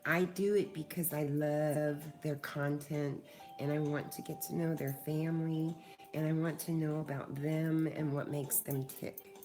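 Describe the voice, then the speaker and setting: A woman's voice: low-pitched, level tone, unhurried, a little mellow, soft background music. A middle-aged woman hosting a casual livestream, chatting with viewers and swearing freely. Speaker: livestream host.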